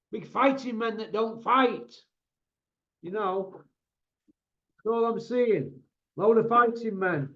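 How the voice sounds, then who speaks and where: A man hosting casual boxing commentary, ranting in an exasperated way and tacking tag questions onto his points. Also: high-pitched. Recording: roomy, dull lo-fi sound.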